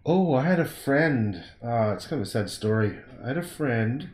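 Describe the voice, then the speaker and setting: A man's voice: mid-range voice, lively intonation, normal speed, a little mellow, reverberant. A man thinking aloud in a rambling, casual way as he paints during a livestream, often breaking off and muttering to himself. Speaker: painter livestreaming his work.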